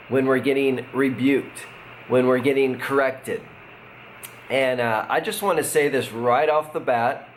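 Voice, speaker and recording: A middle-aged man, a pastor, giving a casual devotional talk in a relaxed, conversational way, with fillers and chuckles. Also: medium pitch. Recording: faint background noise.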